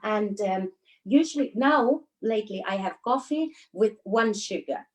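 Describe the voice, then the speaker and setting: A Finnish woman, a dance teacher, answering questions in a casual interview, often pausing and searching for words. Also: medium pitch, animated. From Finland. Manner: hesitant, searching for words, laughs easily.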